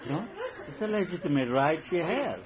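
A man's voice: a little high, sing-song, normal speed, a loud crowd. A man, a spiritual teacher talking to followers in a playful, laughing way, acting out everyday scenes. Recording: dull lo-fi recording, faint background hum.

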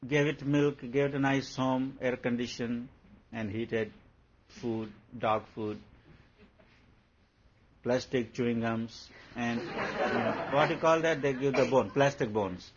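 Husky male spiritual teacher, rhetorical and playfully storytelling, dull lo-fi recording. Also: medium pitch, steady tone, takes it slowly. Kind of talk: spiritual discourse to followers.

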